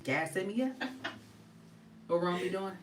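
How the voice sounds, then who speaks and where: A woman's voice: fairly low pitch, measured pace, distant mic, a little hiss or hum, rough recording. A middle-aged woman hosting a casual skincare livestream, chatty and laughing often.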